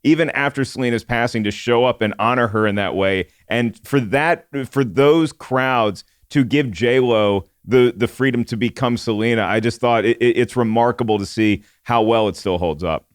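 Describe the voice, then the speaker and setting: A man co-hosts a film chat and gives earnest, enthusiastic analysis. His voice is smooth and resonant, recorded close and dry. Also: mid-range voice, moderate pace, few pauses, no echo. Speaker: podcast co-host. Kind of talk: casual film discussion.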